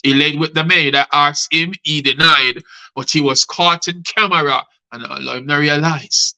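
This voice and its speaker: A man's voice: fairly high pitch, fairly even intonation, moderate pace, sharp tone, poor audio. A middle-aged man, hosting a live show and reciting rhyming spoken-word poetry, calling his guests by name. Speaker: host and poet.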